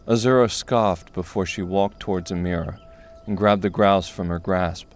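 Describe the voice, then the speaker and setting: A man narrating a dark fantasy audiobook in a steady, measured way. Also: low-pitched, faint music behind.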